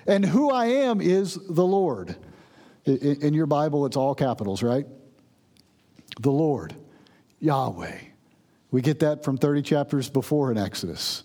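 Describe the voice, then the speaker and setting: Guy preaching, kinda high-ish voice but soft and mellow, earnest and emphatic. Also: expressive, measured pace, long pauses. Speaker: pastor. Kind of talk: sermon.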